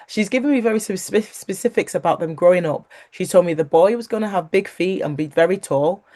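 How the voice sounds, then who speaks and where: A woman's voice: on the low side, brisk. A woman, a guest sharing a personal faith story, who talks animatedly, laughs along the way and acts out what others said. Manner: animated, acts out quoted voices; laughs while talking.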